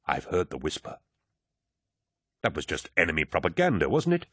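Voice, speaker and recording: A calm, rational older scholar who reassures and reasons, as a man voices him. The voice is very deep with a husky edge, recorded close and dry. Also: normal speed, no room sound, full character voice. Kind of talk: audiobook character voice.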